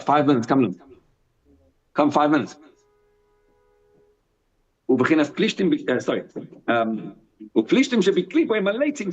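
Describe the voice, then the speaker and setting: Husky rabbi teaching an animated class. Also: male voice, a little high. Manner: animated, asks and answers his own questions. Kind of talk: live Torah lesson, mixing English with Hebrew text. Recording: dull lo-fi sound.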